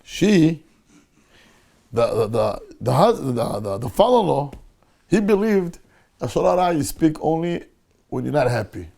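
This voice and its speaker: A man's voice: a little high, moderate pace, creaky, long pauses. A male rabbi teaching a Torah class, telling a story with animation and acting out the people in it. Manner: animated storyteller who acts out the people in his tale.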